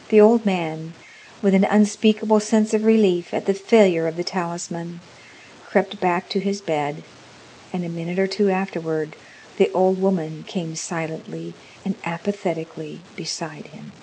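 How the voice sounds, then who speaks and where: A woman narrating a scripted story in a measured, deliberate way. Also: fairly low pitch, warm tone, a little hiss or hum, poor audio.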